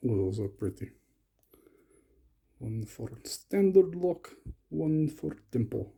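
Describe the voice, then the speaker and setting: A man's voice: a little high, sing-song, slow pace, gravelly, dark tone, breathy edge. A young man doing playful, comic commentary while unboxing lock picks, sometimes slipping into a mock Russian persona.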